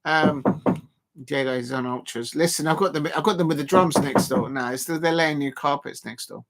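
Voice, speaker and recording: A man's voice: on the high side, normal speed, a loud crowd. Chatty man hosting a football stream. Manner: rambling, full of fillers and restarts, talking to chat viewers. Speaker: host of a football watch-along stream. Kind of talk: casual live football watch-along chat.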